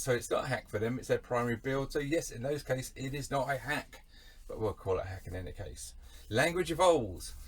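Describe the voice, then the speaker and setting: Wry, digressive Englishman. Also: medium pitch. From England. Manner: wry, digressive, mock-pompous. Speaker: van channel host. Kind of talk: rambling casual monologue.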